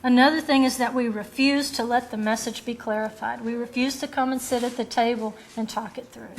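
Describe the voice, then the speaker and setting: A woman's voice: on the high side, fairly even intonation, a little fast. A woman Bible teacher preaching a sermon in an earnest, direct way, asking rhetorical questions and acting out quoted lines. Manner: acts out quoted voices of children and rebels.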